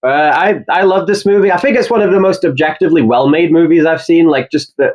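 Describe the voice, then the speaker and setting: A man with a slightly higher-than-average voice, chatting about films in a relaxed, enthusiastic way. He drops in casual filler and keeps his tone easygoing. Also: quick pace. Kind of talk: casual film discussion.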